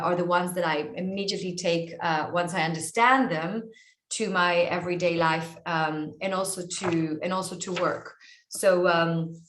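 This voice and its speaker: A woman's voice: fairly low pitch, fairly bright tone, echoey room. A woman with an Israeli accent, an author and coach speaking earnestly in an online interview, often repeating words as she searches for her phrasing.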